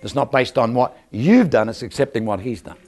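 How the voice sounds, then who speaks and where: A man's voice: mid-range voice, animated, a little fast, darkish tone. A man preaching a sermon in a church, telling stories and asking the crowd for an amen. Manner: storytelling with rhetorical questions and calls for amen.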